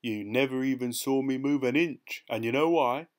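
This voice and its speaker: Guy reading as a cheeky thief bragging, sly and slangy, mid-pitched. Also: normal speed, close to an everyday voice. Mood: smug teasing. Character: cocky boastful male London pickpocket, sly. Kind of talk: audiobook character voice.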